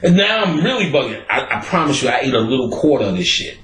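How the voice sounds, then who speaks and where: A man hosting a podcast, telling a story in a casual, animated way, laughing and swearing often. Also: mid-range voice, fast talker. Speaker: podcast host. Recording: roomy echo with faint noise.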